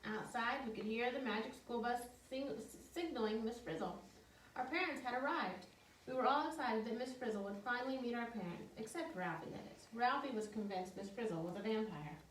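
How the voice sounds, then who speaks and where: A woman reading a children's storybook aloud in a lively, expressive way. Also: fairly high pitch, a little fast. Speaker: reader. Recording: echoey room, distant mic, faint noise.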